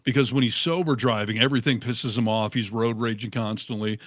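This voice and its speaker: A middle-aged man in casual chat, telling stories with animated, acted-out quotes. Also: mid-range voice, brisk, dry recording, clean studio sound. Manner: animated storyteller, acts out quotes. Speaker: co-host.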